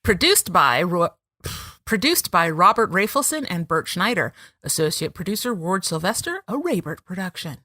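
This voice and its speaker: A woman's voice: lowish voice, very animated, normal speed, sharp tone, no room sound, studio quality. A woman hosting a podcast, chatting casually and laughing often as she reads out episode notes. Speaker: podcast host.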